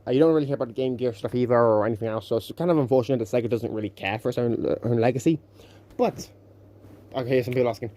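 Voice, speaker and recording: Fast-talking young man, rambling. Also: mid-range voice, warm tone. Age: young adult. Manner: rambling, self-correcting, sarcastic. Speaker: YouTuber. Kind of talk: casual gaming commentary.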